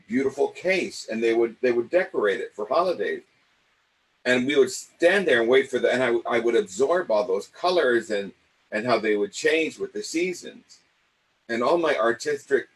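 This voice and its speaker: An older man from Los Angeles, an acting coach, telling personal stories in a lively way and acting out the voices of the people in them. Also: mid-range voice, rough recording. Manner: animated, acts out the voices of people in his stories. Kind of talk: personal storytelling.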